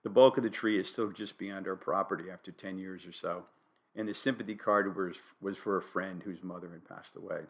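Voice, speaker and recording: Dry-humored older Connecticut man, low voice. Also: fairly quick. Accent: Connecticut, New England. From New Haven, Connecticut. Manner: dry, wry humor with deadpan asides. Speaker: podcast host. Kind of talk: solo monologue podcast.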